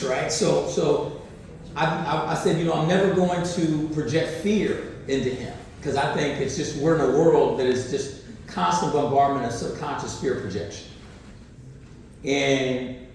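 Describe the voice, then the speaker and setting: A man giving a keynote speech at a university conference, telling stories with animated energy, laughs and restarts. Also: fairly high pitch. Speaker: keynote speaker. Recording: echoey hall, distant mic, faint noise.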